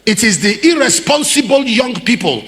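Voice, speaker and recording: A man's voice: very high-pitched, very animated, normal speed, a bit bright. A middle-aged Nigerian man preaching a sermon as a pastor, throwing rhetorical questions at his congregation and acting out the people he quotes. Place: large church hall. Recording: long reverb of a large hall.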